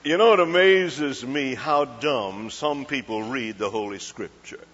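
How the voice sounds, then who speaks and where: A man's voice: mid-range voice, measured pace, fairly bright tone. A man preaching a folksy storytelling sermon, often asking the crowd questions and acting out small scenes. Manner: folksy, asks the crowd questions, acts out voices. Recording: dull lo-fi hall recording.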